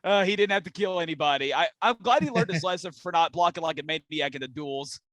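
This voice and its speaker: Casting note: young male race fan, slightly high voice, dry close mic, excitable storyteller. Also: fast talker, no echo. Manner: excited storytelling, many fillers. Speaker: podcast guest, race fan. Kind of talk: casual podcast chat.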